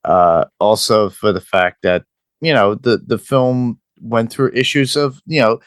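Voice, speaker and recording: A man hosting a casual movie podcast, talking in a relaxed way and thinking aloud with many fillers. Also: mid-range voice, a little slow, clear, resonant tone, dry recording, studio quality. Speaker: podcast host.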